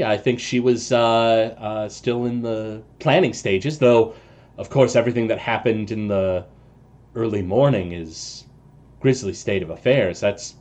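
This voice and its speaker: Man doing a male servant, nervous, formal, halting, lowish voice, tabletop game. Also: darkish tone. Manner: hesitant, formal, many "uh"s and "sir"s. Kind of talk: voicing a character in a tabletop game.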